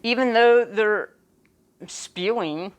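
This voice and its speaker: A woman minister giving a sermon, speaking deliberately with emphatic pauses. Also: fairly high pitch, smooth.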